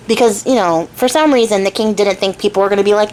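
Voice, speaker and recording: A young woman retells a folk tale in a chatty, irreverent vlog style, full of joking asides. Her voice sits a little high. Faint noise runs underneath. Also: fairly quick, few pauses. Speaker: storyteller and craft channel host. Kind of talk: casual storytelling vlog.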